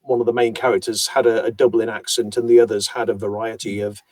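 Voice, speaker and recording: A fast-talking man with a voice on the low side, level and darkish in tone, is heard in a dry recording. He narrates audiobooks and, in a conversational interview, explains that work at length in a thoughtful, self-deprecating way.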